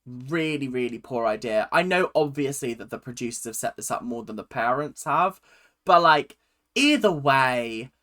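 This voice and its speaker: Young woman ranting through a reaction vid, lively up-and-down voice, chatty and opinionated. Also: rumbling low, normal speed. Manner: chatty and opinionated, with frequent laughs. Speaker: reaction video host. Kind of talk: casual reaction commentary.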